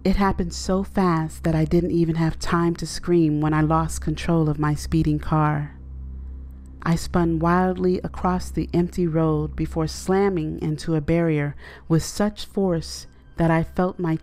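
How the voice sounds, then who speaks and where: Woman horror narrator, measured and low-key, deep and slow. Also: steady tone, a little mellow.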